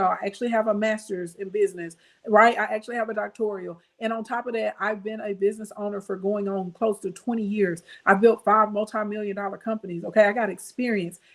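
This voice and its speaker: A middle-aged woman from the United States, hosting a casual livestream and coaching viewers in an emphatic, chatty way that speaks straight to them. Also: mid-range voice. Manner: emphatic, chatty, calls listeners "baby" and "y'all". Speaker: business coach and livestream host.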